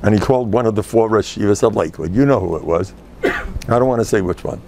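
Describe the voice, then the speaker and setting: A man's voice: on the low side, fast talker, darkish tone, slight background noise. An older man, a rabbi giving a lecture to a live audience, who jokes and tells stories and acts out the people in them. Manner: joking, storytelling, acts out quoted people.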